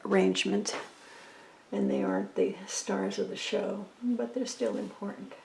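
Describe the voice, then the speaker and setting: Gravelly-voiced woman talking softly while painting. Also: medium pitch, fairly even intonation, measured pace, roomy sound, slight background noise, low-quality recording. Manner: soft-spoken, thinking aloud, often trailing into a near whisper. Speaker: painting instructor. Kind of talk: casual tutorial narration while painting.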